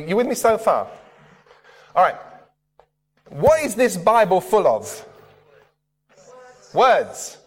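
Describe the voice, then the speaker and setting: A man's voice: fairly high pitch, in a large hall. A man preaching a sermon in a casual, conversational way, often putting questions to his listeners. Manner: conversational, asks the crowd questions.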